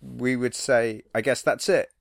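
A man's voice: medium pitch, steady tone, a little slow, creaky, dry recording, clean studio sound. A man co-hosting a podcast in casual chat, breaking into playful impressions and silly voices. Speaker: podcast co-host.

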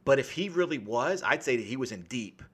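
A man's voice: mid-range voice, animated, brisk, a bit bright, husky. A man in casual chat who recaps a film scene by scene, rambling and swearing freely and acting out lines of dialogue.

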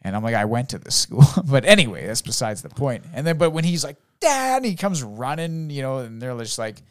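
A man in his thirties in casual chat, telling lively, profane stories about his son and acting out the boy's lines. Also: mid-range voice, fairly quick, clean tone, dry recording. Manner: animated storyteller, swears freely, acts out his son's voice.

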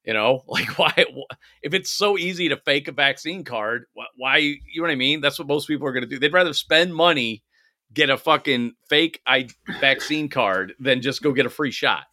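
Bright-voiced man ranting casually. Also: mid-range voice, normal speed, no room sound, clean studio sound. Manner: profane, ranting, mocking impressions. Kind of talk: casual chat.

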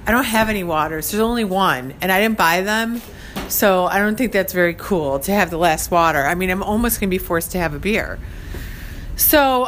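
A woman's voice: medium pitch, fairly bright tone. Rambling, chatty woman podcast host. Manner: rambling, chatty, often laughing. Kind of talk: casual solo podcast chat. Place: her studio.

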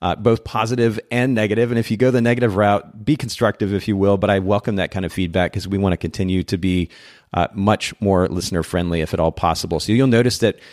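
A man's voice: on the low side, fairly even intonation, quick pace, darkish tone, no room sound, studio quality. A man hosting a podcast in a chatty way, often restarting and rambling as he talks with his guest. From Japan. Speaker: podcast host. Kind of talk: casual podcast interview.

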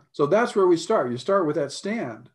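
American guy coaching on a podcast, earnest, keeps clearing his throat and hammering points. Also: a little high, lively intonation, unhurried. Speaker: life coach guest. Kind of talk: conversational coaching talk.

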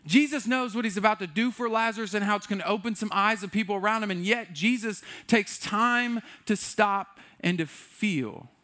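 A man delivering a sermon in an easygoing, chatty way, slipping into playful acted-out voices for the people in the story. His voice sits a little higher than most men's. It sounds like a young adult pastor talking straight to his congregation. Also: moderate pace, few pauses, bright, forceful tone. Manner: conversational, playful, acts out quotes.

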